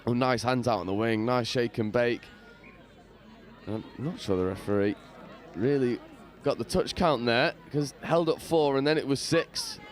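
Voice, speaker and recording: A man giving lively play-by-play commentary from a balcony at an outdoor sports ground, with casual slang. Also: medium pitch, a little slow, a faint crowd. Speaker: match commentator.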